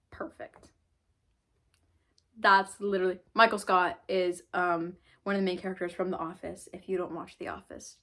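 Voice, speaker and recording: A woman's voice: fairly low pitch, fairly bright tone. A woman in her twenties chatting casually about books she bought, rambling with lots of "like" and "um". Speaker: book vlogger. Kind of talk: casual book haul chat.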